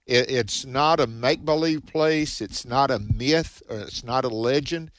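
A man's voice: medium pitch, unhurried, fairly bright tone, no room sound. A man co-hosting a radio Bible discussion, speaking emphatically and often restarting his phrases. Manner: emphatic, repeats words when starting phrases. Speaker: radio co-host.

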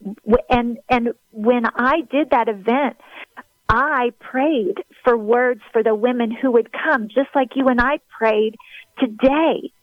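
A woman's voice: a little high, slow, dry recording, phone-quality sound. A woman who leads a ministry, speaking earnestly and encouragingly in a heartfelt faith conversation. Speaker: ministry leader guest.

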